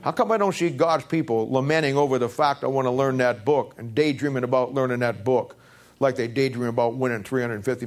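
A man preaching a sermon as pastor, pressing the congregation with repeated rhetorical questions, his pitch swinging from low to high. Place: church.

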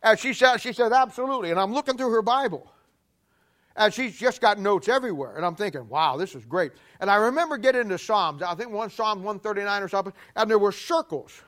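A man preaching a sermon to a congregation, animated, repeating himself often and swinging between loud and hushed. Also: high voice, fast. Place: church before a congregation.

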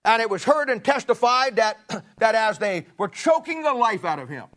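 Pastor, male, higher-pitched voice, folksy emphatic sermon delivery with rhetorical questions. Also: animated, moderate pace, a bit bright.

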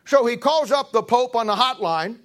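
A man's voice: very high-pitched, expressive, moderate pace, fairly bright tone. A man preaching in a folksy, joking storytelling style, often repeating himself. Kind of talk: storytelling sermon.

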